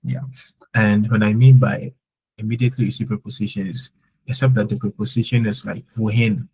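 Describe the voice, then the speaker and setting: A man's voice: lowish voice, little pitch movement, normal speed, dark tone, husky, low-quality recording. A man teaching German in a live online lesson, explaining patiently with lots of "like" fillers.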